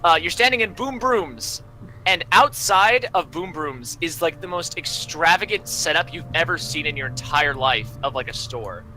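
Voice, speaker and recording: A man's voice: a little high, expressive, normal speed, bright, forceful tone, soft background music, rough recording. A young man narrating as game master, rambling through descriptions with many fillers.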